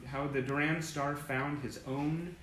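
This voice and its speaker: In a sunlit indoor room, a man hosts a fan livestream via webcam or phone, chatting enthusiastically, rambling through old press clippings and greeting viewers by name. His voice is a little high and fairly bright, slow and fairly even in intonation. The low-quality recording sounds roomy with a little hiss or hum.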